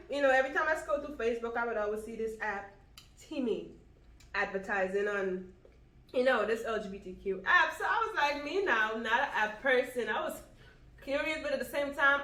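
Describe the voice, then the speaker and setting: A young woman from Guyana co-hosting a casual eating vlog, chatty and quick to laugh. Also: fairly high pitch, expressive, bright, forceful tone. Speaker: vlog co-host. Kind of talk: casual mukbang chat. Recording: echoey room.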